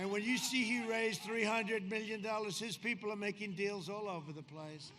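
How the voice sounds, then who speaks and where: A man in his seventies giving a rambling, boastful campaign rally speech outdoors, swinging from shouting to quieter confiding asides. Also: high voice, brisk, hardly any pauses. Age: 70s. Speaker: politician speaking at a campaign rally. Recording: outdoor rally PA with crowd noise. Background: crowd ambience.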